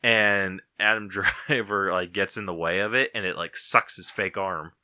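In a clean, dry studio recording, a male podcast co-host chats casually, rambling in a relaxed manner and laughing frequently. He has a deep voice with a sharp tone, fairly even intonation, and a normal speaking speed.

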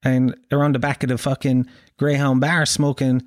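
An Irish man in his thirties telling a profane, animated anecdote in casual chat, acting out the quotes. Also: mid-range voice, moderate pace, no room sound, studio quality. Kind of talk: casual storytelling.

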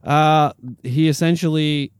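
A young adult man hosting a sports chat, reading team news haltingly with many fillers and repeated words. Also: a little high, steady tone, clean tone, no room sound.

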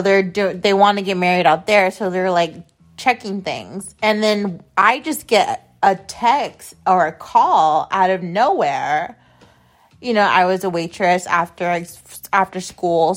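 A young adult woman hosting a podcast, telling a personal story in a rambling, blunt, profane way, often repeating herself. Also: mid-range voice. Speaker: podcast host. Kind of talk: casual storytelling monologue.

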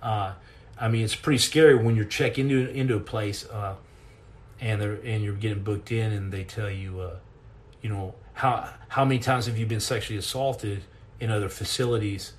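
A middle-aged man hosting a podcast, telling a personal story in an earnest, intense way, halting and repeating words as he goes. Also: fairly low pitch, fairly even intonation. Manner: earnest and intense, acts out quoted lines.

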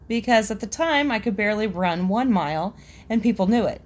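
A woman's voice: fairly high pitch, animated, normal speed. A young woman casually reading out embarrassing stories and laughing between them. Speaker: storyteller reading listener stories.

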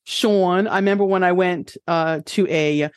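A woman with a New York accent hosting a casual chat over a headset, telling lively stories and laughing often. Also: fairly low pitch, a little slow, no room sound, studio quality. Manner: animated storyteller, laughs often. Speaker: podcast host.

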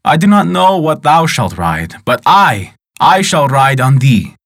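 A man's voice: mid-range voice, sing-song, a little slow, a bit bright, no echo, clean studio sound, heavily acted. A man voicing Woe, a lank, skeletal male spirit who is boastful and mocking and speaks in old-fashioned words, in a folk tale. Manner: archaic speech, teasing and boastful. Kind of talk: storytelling.

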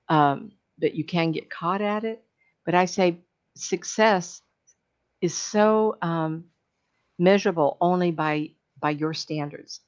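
A woman's voice: low voice, vocal fry. An older woman working as a psychic medium, talking in a casual, earnest, rambling way with many ums and restarts. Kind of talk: casual reflective monologue. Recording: dull lo-fi recording.

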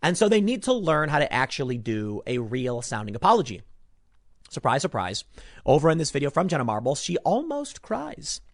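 A sarcastic man giving opinionated commentary in a fairly high, very lively voice. He mocks as he goes, jumping from loud outbursts to low muttered asides. The recording is close and dry. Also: normal speed, dry recording.

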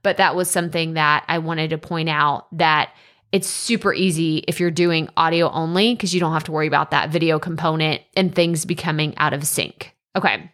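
A woman's voice: low-pitched, steady tone, normal speed, fairly bright tone. Woman podcast host, chatty casual advice delivery, loose with filler words.

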